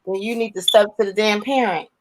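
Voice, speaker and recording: A woman's voice: mid-range voice, fairly even intonation, fairly quick, a little hiss or hum, poor audio. A woman in a casual group chat, talking in a sassy, emphatic way.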